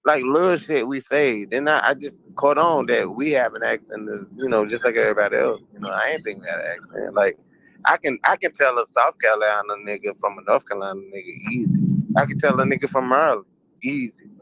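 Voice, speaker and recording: A man's voice: mid-range voice, a little fast, gravelly, a bit bright, slight background noise, rough recording. A man from Richmond with a Virginia accent, telling stories laid-back in casual chat and swearing freely. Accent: Southern US, Virginia.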